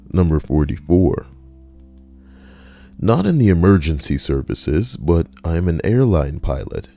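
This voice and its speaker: A man reading stories aloud on a live stream, joking and chatting with his viewers between entries, often slipping into silly voices. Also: dark tone. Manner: jokey, breaks into squeaky silly voices.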